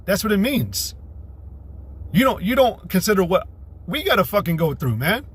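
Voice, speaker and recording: A man with a slightly raised, husky voice rants on a livestream. He is scornful and combative and curses freely. He rambles along and stops now and then to read scripture aloud. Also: sits high, very animated, moderate pace. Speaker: livestream host. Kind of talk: profane religious rant on a livestream.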